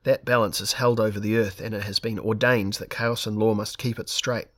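A man's voice: fairly low pitch, little pitch movement, brisk, fairly bright tone. A man reading aloud and voicing a nervous but brave male companion with a quavering tone. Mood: earnest. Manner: quavering, earnest.

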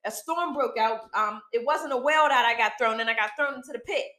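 Woman, podcast ministry host, casual preaching, slangy and animated, higher voice, roomy echo. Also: brisk. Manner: animated, repeats herself, asks "okay?" often; slangy, down-to-earth. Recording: echoey room.

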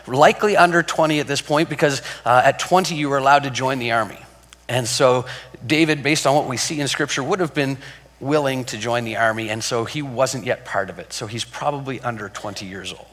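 A man's voice: fairly high pitch, fairly bright tone. A man preaching a sermon in a conversational way, repeating words and asking rhetorical questions. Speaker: pastor. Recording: long hall reverb.

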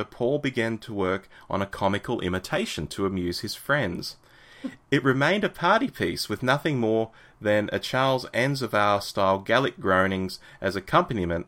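A man's voice: lowish voice, a bit bright. A man co-hosting a casual chat, reading passages from a book aloud and then talking them over with fillers and restarts. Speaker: podcast co-host reading from a book.

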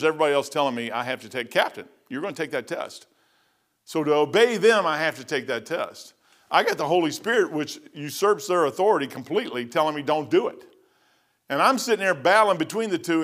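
A man's voice: fairly high pitch, lively intonation, fast, a bit bright. A middle-aged man preaching informally, telling personal stories in an emphatic, folksy way.

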